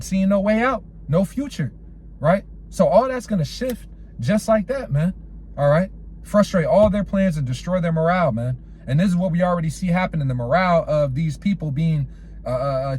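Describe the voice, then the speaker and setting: A man's voice: a little high, lively intonation, moderate pace, darkish tone, slight background noise. A man preaching an informal sermon, quoting scripture and telling street stories, filling his talk with "all right" and "man". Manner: casual slangy storytelling.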